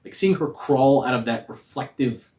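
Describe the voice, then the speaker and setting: A man giving a casual spoiler review of a movie, talking in a slangy, animated, rambling way. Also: mid-range voice, moderate pace. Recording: roomy echo.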